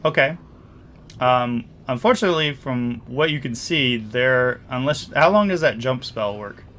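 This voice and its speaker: A man's voice: mid-range voice, lively intonation, measured pace, fairly bright tone, a little hiss or hum. Man narrating as game master, casual. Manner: casual, hesitant narration with many fillers.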